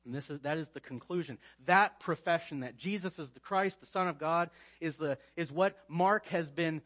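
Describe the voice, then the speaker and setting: A man's voice: a little high, moderate pace. Man preaching with emphatic swings. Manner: emphatic preaching with swings between loud and quiet, frequent restarts. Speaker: pastor. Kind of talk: sermon.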